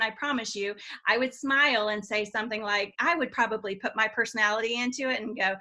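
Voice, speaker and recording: A woman's voice: a little high, fairly quick, few pauses, bright, forceful tone. A middle-aged woman giving a chatty sales training talk, often checking in with her listeners with questions.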